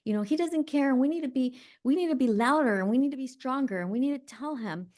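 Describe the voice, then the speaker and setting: A woman voicing an angry, ragged teenage girl, her own younger self, who rants rapidly and indignantly. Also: sits high, expressive, darkish tone, voice pushed up.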